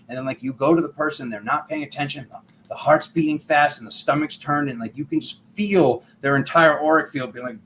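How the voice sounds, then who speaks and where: A man's voice: medium pitch, a little fast, hardly any pauses, fairly bright tone, low-quality recording. Rambling man reading tarot, faint hiss. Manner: rambling, filler-heavy, acts out quoted voices. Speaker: tarot reader. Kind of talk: casual spiritual monologue.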